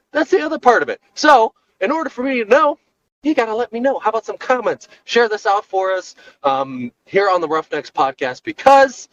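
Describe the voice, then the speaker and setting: A man with a fairly high voice talks in an animated, jokey rant, firing rhetorical questions. He records it in his car on the way to work. The sound is slightly dull and muffled. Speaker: podcast co-host. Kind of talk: solo rant recorded while driving.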